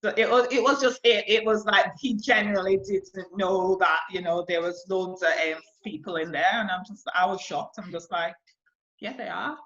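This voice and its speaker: A woman's voice: medium pitch, steady tone, moderate pace, hardly any pauses, fairly bright tone, muffled recording. A woman telling a personal story as an interview guest, chatty and casual, full of fillers. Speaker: guest, air force corporal.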